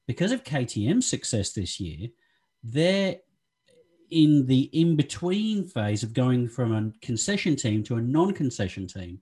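Husky man chatting casually. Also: medium pitch, big pitch swings, unhurried, warm tone. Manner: chatty, laughs often, trails into restarts. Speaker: podcast co-host. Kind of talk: casual chat.

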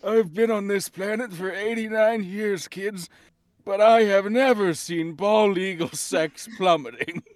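A man voicing a rambling, crotchety eighty-nine-year-old grandpa with a creaky, slow drawl. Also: high-pitched, no room sound, studio quality. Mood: grumbling. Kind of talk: playing a party card game.

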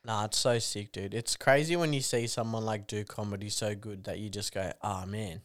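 A man's voice: lowish voice, fairly even intonation, a little fast, a bit bright, dry recording, clean studio sound. A young man, a comedian guest, chatting in a laid-back way, full of "like" and "dude". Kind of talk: casual chat.

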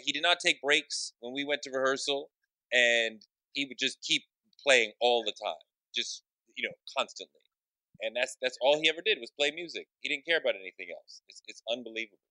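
A man hosting a podcast, asking measured questions and sharing what his show covers. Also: on the high side, bright, forceful tone, no echo, rough recording. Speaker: podcast host, interviewer. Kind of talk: interview questions.

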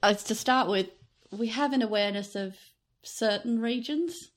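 A woman's voice: on the high side, moderate pace. A woman from Australia co-hosting a casual podcast discussion. She is chatty and opinionated, with hesitant fillers. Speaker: podcast co-host.

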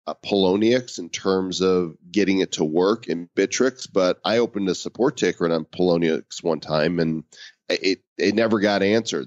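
Man, podcast co-host, deep voice, relaxed rambling chat, dull dry sound. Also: dry recording.

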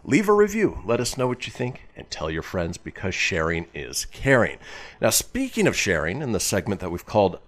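A man hosting a radio talk show, chatting with a co-host and reading promos in an animated announcer style. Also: lowish voice, moderate pace.

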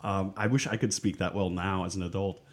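A man's voice: low-pitched, steady tone, fairly quick. A man co-hosting a podcast, rambling and restarting his sentences as he recaps a show. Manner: rambling, hesitant, many restarts. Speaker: podcast co-host. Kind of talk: casual recap chat.

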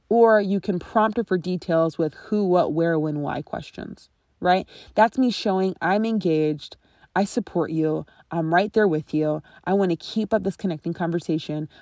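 A friendship coach in her thirties speaks in a fairly low, mellow voice while delivering a teaching monologue on her own podcast. Conversational and instructive, she regularly checks in with listeners. The recording is dry, with clean studio sound.

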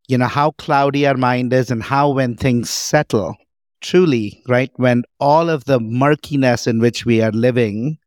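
A man's voice: mid-range voice, no room sound, studio quality. A man co-hosting a podcast interview, speaking reflectively and searching for words. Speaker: podcast co-host. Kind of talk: interview conversation.

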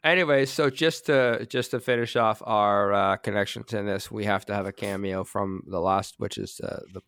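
Low-voiced man pitching ideas. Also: steady tone, normal speed, fairly bright tone, clean tone, no room sound. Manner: rambling pitches, exasperated with the others. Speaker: podcast co-host. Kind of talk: casual chat.

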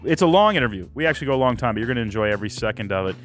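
A man hosting an interview podcast, telling stories with enthusiasm in quick bursts. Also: mid-range voice, soft background music. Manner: energetic, storytelling, quick bursts. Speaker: podcast host.

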